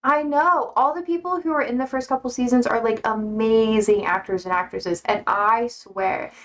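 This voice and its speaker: A young American woman streaming, rambling casually with many fillers and swear words, jumping high in pitch when she quotes people. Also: normal speed. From United States. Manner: animated, jumps high for quoted voices. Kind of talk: casual chat with chat readers.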